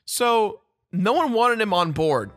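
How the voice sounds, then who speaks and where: A man's voice: high voice, animated, takes it slowly, soft background music. A man in his twenties, a let's play host, casually telling a story with lots of laughing and swearing. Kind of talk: casual storytelling over gameplay.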